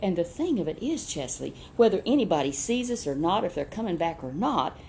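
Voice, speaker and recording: Animated woman telling a Bible story. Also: lowish voice, fairly quick, gravelly, a little hiss or hum. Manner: animated, chatty asides to a puppet. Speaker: storyteller with a puppet.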